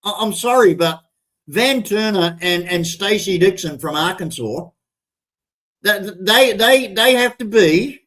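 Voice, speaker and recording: An older Australian man with an Australian accent hosts a live stream, ranting bluntly with profanity and often stumbling and restarting his words. His voice is high, animated and a bit bright, delivered at a measured pace. The audio quality is poor.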